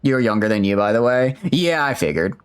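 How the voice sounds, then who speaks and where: A man's voice: medium pitch, lively intonation, a little fast, clear, resonant tone. A man in his twenties chatting casually with viewers while streaming a game, rambling and joking at himself. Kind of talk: casual gaming stream chat.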